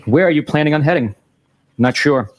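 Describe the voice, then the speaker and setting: In a courtroom, a man reads text messages and their timestamps aloud into the microphone, flat and matter-of-fact. His voice is on the high side and he speaks fairly quickly.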